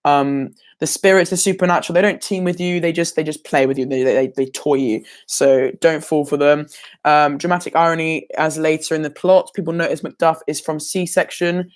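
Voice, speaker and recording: A man's voice: fairly high pitch, fairly even intonation, moderate pace. Hesitant teenage boy revising. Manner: hesitant and rambling, full of ums and self-corrections. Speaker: student sharing exam revision. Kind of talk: casual revision livestream.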